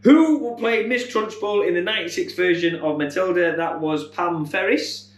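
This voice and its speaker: A man's voice: sits high, normal speed. A man in his thirties, hosting a quiz and reading out answers with rambling, jokey asides. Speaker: quiz host. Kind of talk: casual quiz answer run-through. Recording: echoey room.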